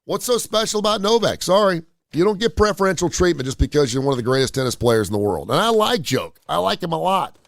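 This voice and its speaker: A man's voice: a little high, fast talker, vocal fry, few pauses, no room sound, studio quality. Blunt, opinionated man ranting. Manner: blunt, opinionated, animated rants with crude humor. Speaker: radio show host. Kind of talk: casual live-stream monologue.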